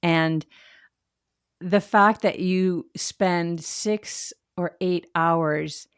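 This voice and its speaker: A woman hosting a friendly interview, speaking slowly and thoughtfully. Her voice sits low, and she lets her words settle as she reflects on what her guest says. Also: clear, resonant tone. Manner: slow, thoughtful. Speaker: host. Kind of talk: casual interview chat.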